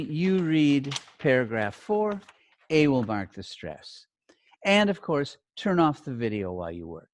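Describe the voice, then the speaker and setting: Slow, lively-pitched male teacher on a video call. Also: no echo. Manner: clear, deliberate instruction-giving with emphatic stress. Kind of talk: online class instructions.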